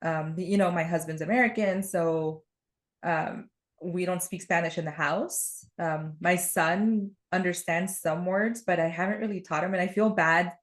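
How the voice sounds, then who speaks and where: Lower-pitched woman, chatty and laughing. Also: a little slow. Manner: chatty and rambling, laughs often while telling stories. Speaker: podcast guest. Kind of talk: casual conversation.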